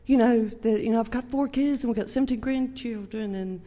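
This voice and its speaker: An older woman with a Southern US accent giving a halting, heartfelt Mother's Day talk at a church microphone, near tears. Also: fairly high pitch, mellow. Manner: halting, heartfelt, many fillers. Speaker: church speaker. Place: church sanctuary. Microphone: handheld microphone. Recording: long church hall reverb.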